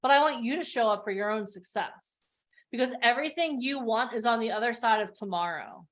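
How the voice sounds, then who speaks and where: A woman's voice: on the high side, brisk, fairly bright tone. A woman hosting an online bootcamp for actors and models, coaching over a video call in a passionate, emphatic way. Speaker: acting and modeling bootcamp host. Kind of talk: live online motivational coaching.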